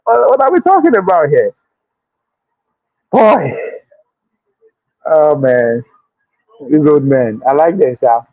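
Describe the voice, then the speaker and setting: A man with a Nigerian accent giving excitable political commentary, laughing and exclaiming often and slipping into pidgin. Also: fairly high pitch, slow, long pauses, no echo, narrow, tinny audio. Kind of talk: animated political chat.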